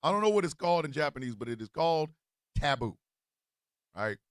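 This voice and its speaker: A man telling a comic story as a podcast host. He swings from low mutters to loud outbursts. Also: very animated, quick pace, no echo, clean studio sound. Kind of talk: comedic storytelling monologue.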